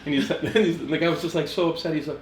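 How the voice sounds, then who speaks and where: Guy with a slightly high voice telling wild stories, swears a lot, echoey room. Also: fast talker, a little hiss or hum. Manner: animated, profane, laughs through stories. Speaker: trainer. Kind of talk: casual storytelling.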